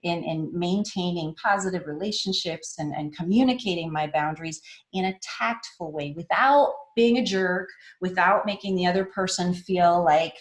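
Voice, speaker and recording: A woman with a fairly low voice gives a casual conference talk. She is chatty and laughs often, and when she quotes people she jumps her pitch up into little acted-out voices. The room is echoey. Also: moderate pace. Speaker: conference speaker. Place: online meetup talk in a room.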